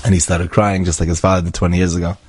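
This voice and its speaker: A man telling an inspirational story in a chatty, animated way, acting out the dialogue with frequent asides and fillers. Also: deep voice, rapid-fire, breathy edge, no echo.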